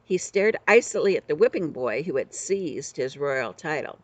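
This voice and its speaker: A woman's voice: low voice, moderate pace, no room sound. Older woman reading a story aloud. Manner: expressive, animated storytelling. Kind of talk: children's book read-aloud.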